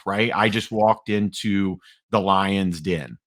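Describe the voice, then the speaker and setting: Bright-voiced man telling a story. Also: lowish voice, unhurried, few pauses. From Kansas, USA. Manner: animated, acts out voices. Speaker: podcast co-host. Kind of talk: casual storytelling.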